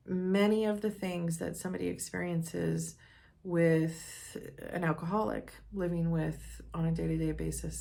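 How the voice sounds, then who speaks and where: A woman's voice: on the low side, gravelly, a little mellow. A woman speaking earnestly and candidly as she tells a personal story in a talk.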